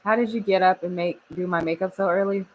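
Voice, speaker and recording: A woman's voice: fairly low pitch, steady tone, quick pace, low-quality recording. A young woman from Oklahoma chatting casually on a live stream, laughing often and reading the chat aloud. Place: home studio.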